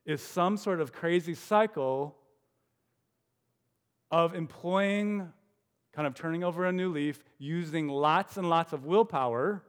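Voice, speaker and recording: Slow-speaking pastor in an echoing hall. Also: male voice, fairly high pitch, smooth. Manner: musing, with rhetorical questions. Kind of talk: sermon. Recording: long hall reverb.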